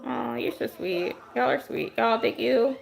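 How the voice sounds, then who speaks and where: A woman with a highish, gravelly voice speaks at a measured pace while hosting a casual livestream. Chatting directly to her viewers and answering their comments as they arrive, she is losing her voice after a long stretch of talking.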